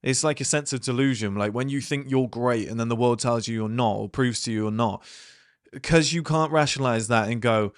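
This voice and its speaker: A man's voice: mid-range voice, a little fast, dry recording. Blunt, swearing man with a dry sound. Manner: blunt, swears freely, rambling with many fillers. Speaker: channel host. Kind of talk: casual motivational talk to viewers.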